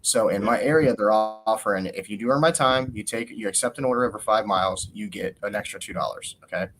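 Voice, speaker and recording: A man with a fairly low voice tells a story on a podcast. His rant is animated and full of swearing, and he acts out the lines of the people in it. A faint hum sits under the recording. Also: fast talker. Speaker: podcast host. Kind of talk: casual storytelling.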